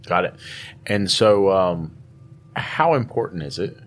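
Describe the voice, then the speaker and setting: A man with a Southern American accent co-hosting a live podcast, asking questions with halting restarts. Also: deep voice, lively intonation. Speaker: podcast co-host.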